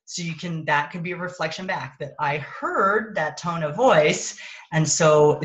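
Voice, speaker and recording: A woman's voice: low voice, measured pace, rough recording. A woman coaching parents in a casual live-stream talk, recorded on her phone, thinking aloud and correcting herself as she goes.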